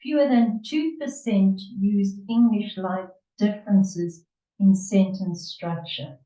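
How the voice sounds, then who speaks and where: Slow hesitant lady teacher, far off and muffled on a call. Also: medium pitch, dark tone. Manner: unhurried, hesitant with many fillers. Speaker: English tutor. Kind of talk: conversation lesson, reading from an article. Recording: echoey, distant and muffled.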